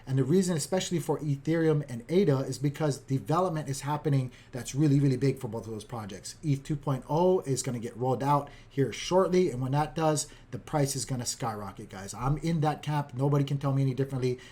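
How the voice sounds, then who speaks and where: A man, a father of a young child, giving a casual, upbeat market recap in quick, chatty commentary. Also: medium pitch, warm tone. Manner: upbeat, keeps saying "guys", talks fast.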